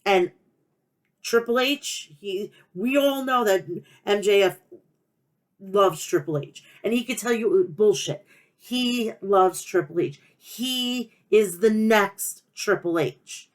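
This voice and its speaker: A woman's voice: mid-range voice, slow pace. Brash Long Island woman ranting. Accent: Long Island New York. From Long Island, New York. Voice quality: nasal. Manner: profane, passionate, rambling. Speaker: wrestling podcast host. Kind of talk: casual rant.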